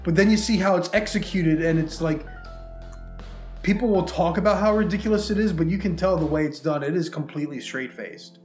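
In a high-pitched, brisk voice with a darkish tone, a man co-hosts a podcast, rambling chattily about movies and games with many fillers. Faint music plays in the echoey room.

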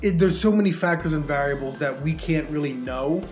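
A man with a fairly high, brisk voice and a darkish tone co-hosts a casual podcast. He chats about movies and games in a rambling way, full of fillers, while faint music plays in an echoey room.

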